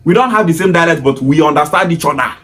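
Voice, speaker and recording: Nigerian guy w pidgin accent ranting fast, keeps repeating his point, kinda high voice. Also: expressive, a bit bright. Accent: Nigerian Pidgin-inflected English. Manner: emphatic, repetitive, lecturing. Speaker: commentator. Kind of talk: opinion monologue.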